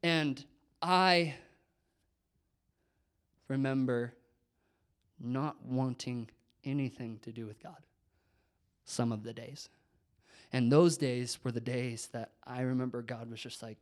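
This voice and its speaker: Speaking slowly and pausing often, a young man who works as a youth pastor recounts his own faith journey in a mid-range voice. He stays lively throughout, whispering the words of people he quotes and chuckling at his own expense.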